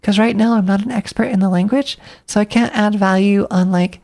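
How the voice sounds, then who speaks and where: Woman streamer, loose rambling chat, gravelly fry in her voice, mid-range pitch. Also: fairly even intonation, brisk, hardly any pauses, a little mellow. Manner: rambling, thinking aloud, talking to herself.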